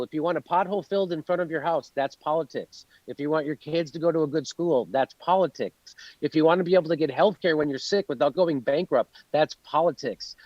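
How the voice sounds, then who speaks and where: A man's voice: fairly high pitch, a little mellow, dry recording, dull audio. A man in an interview, ranting in a sarcastic, profane, worked-up way. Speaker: guest comedian. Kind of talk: animated interview rant.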